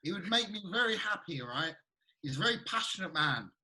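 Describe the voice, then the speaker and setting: A man's voice: high-pitched, very animated, fairly quick, bright, forceful tone. A British man co-hosting a podcast, joking and teasing in casual chat with hesitant restarts. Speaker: podcast co-host. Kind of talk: casual banter.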